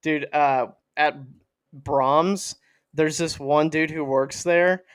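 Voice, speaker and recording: A man's voice: fairly high pitch, steady tone, takes it slowly, clean tone, no echo. A man co-hosting a podcast, teasing his partner with goofy banter in casual chat. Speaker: podcast co-host.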